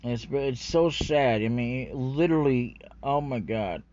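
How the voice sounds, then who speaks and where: Male vlogger, mid-pitched, rambling profane rant, muffled lo-fi sound. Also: a little slow, a little mellow. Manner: profane, rambling, full of fillers and restarts. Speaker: anime commentary vlogger. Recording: dull lo-fi recording.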